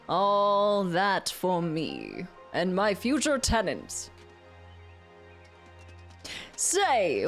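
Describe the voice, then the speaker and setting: A woman putting on a pompous scheming landlord. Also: mid-range voice. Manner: shaky put-on British accent drifting Australian.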